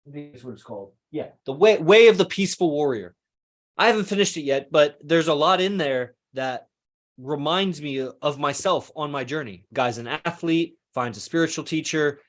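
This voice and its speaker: A male podcast host muses in a casual, rambling philosophical monologue, swearing freely and correcting himself mid-sentence. His voice is a little high and expressive, and his pace is moderate.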